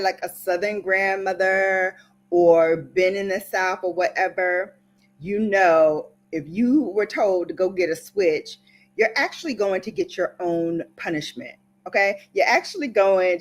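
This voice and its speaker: A woman from Brooklyn telling a playful, dramatic story to her viewers in a casual vlog. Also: medium pitch. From Brooklyn, New York. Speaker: beauty vlogger.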